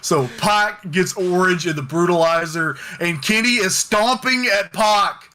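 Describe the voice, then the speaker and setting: A man co-hosting a wrestling review podcast, recapping a match in excited, casual chat, swearing and getting loud. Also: high-pitched, unhurried. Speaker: podcast co-host.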